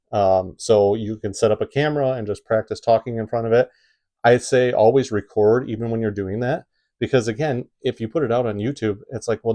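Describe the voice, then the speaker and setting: A man with a plain Midwestern accent talks straight to the camera from his home, handing out casual advice. His voice sits a little low and has a mellow, soft edge. He rambles, often stopping to restart a thought. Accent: Midwestern American. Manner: rambling, many fillers and restarts. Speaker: YouTube creator giving tips.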